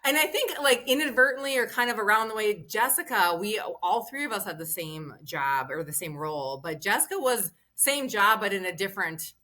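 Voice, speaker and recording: A woman's voice: medium pitch, lively intonation, fairly quick, few pauses, bright, forceful tone. A woman co-hosting a casual podcast chat, frank and joking. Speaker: co-host.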